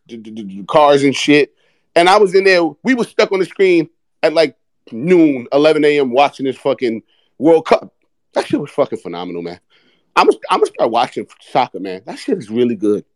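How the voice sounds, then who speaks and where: A young man, hosting a podcast in a casual, animated, profane fan rant about his team. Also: mid-range voice, dry recording. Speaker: podcast host. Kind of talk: casual sports talk.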